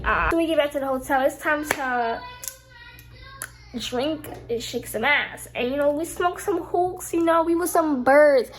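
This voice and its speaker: Animated young woman telling a storytime. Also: high-pitched, measured pace, slight background noise. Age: young adult. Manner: animated, swears freely, acts out quoted lines. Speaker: vlogger. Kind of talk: casual storytime. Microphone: phone camera.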